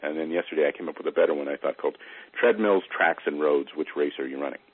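A man's voice: extremely low pitch, fast talker, husky. A middle-aged man giving a conversational slide presentation, telling stories with fillers as he goes. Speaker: presenter, internet entrepreneur. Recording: dry tinny phone-like line.

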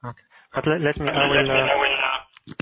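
A man hosting a live call who reads out audience questions in a halting, polite way with many filler pauses. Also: mid-range voice, flat delivery, very noisy. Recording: dry tinny phone-like call audio.

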